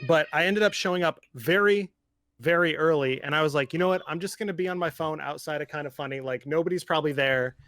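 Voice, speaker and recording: A man guest on a podcast, telling a relaxed story in a casual group chat. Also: on the high side, quick pace, no echo.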